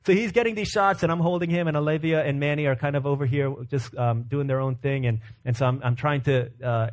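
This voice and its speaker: Talking a little fast with hardly any pauses, this medium-pitched pastor in his thirties preaches conversationally. Rhetorical questions to the congregation mix with anecdotes about his young kids.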